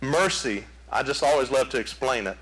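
A man preaching a sermon, telling folksy stories in an animated way. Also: mid-range voice, moderate pace, poor audio. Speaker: pastor.

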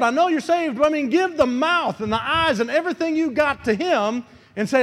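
A man's voice: very high-pitched, expressive, moderate pace, a bit bright, long reverb tail. A man preaching a sermon as pastor. He talks fervently and repeats himself, with colloquial asides.

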